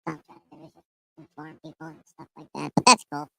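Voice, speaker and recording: A man putting on a voice as a paranoid, mock-apologetic man blaming the Deep State. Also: monotone, fairly quick, vocal fry, pushed and bright, dry recording, full character voice, low-quality recording. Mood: mock-sincere.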